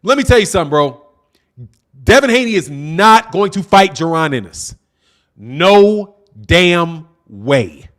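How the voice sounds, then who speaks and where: A man's voice: sits high, expressive, moderate pace, a bit bright. A man hosting a live boxing show, reading chat comments and bluntly mocking commenters while repeating his points. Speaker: boxing channel host.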